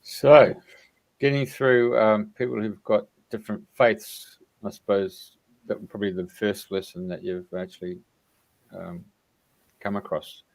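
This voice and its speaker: A man's voice: lowish voice, level tone, unhurried, gravelly, darkish tone, poor audio. A male radio co-host putting a question to his guest in a hesitant, searching way. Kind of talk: interview question.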